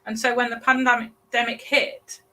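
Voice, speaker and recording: A British woman in her thirties, a parenting coach chatting as a guest, talking in halting bursts with many restarts. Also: a little high, level tone, bright, forceful tone. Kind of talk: casual podcast interview.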